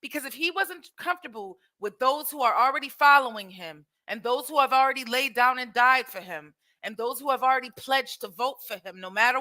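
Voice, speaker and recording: Animated woman host with a bright voice. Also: high-pitched. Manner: animated, exclaiming and asking rhetorical questions. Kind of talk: casual commentary reacting to clips.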